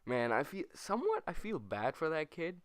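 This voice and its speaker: A young man casually telling a school story over gameplay, rambling and animated, correcting himself as he goes. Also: a little high, no room sound. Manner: rambling, animated, self-correcting, with quick put-on quotes. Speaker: gaming channel host.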